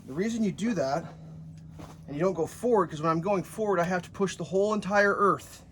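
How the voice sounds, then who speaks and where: His voice sits high, with a fairly bright tone and a fairly quick pace, plus a little hiss or hum on the recording. The man is a home builder giving a casual how-to vlog at an outdoor building site as he digs and scrapes, blunt, playful and freely profane. It's shot on a handheld camera, part of it filmed one-handed by him.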